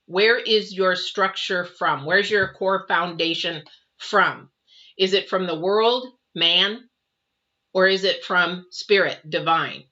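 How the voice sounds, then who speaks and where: A woman's voice: fairly low pitch, slow pace, bright, forceful tone, highs cut off. A middle-aged woman hosting a live tarot and astrology reading, speaking earnestly and repeating her points straight to the viewers. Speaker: tarot reader and livestream host.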